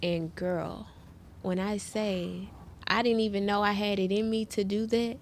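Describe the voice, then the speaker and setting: A woman's voice: mid-range voice, steady tone, unhurried, a little hiss or hum. A woman sharing her personal story as a guest in an interview, earnest and heartfelt, often turning to speak straight to the listeners.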